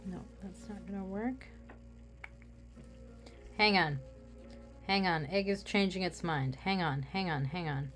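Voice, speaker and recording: A woman's voice: on the low side, measured pace, long pauses, fairly bright tone, faint music behind. A woman craft vlogger chatting casually while she works, rambling with self-mocking humor.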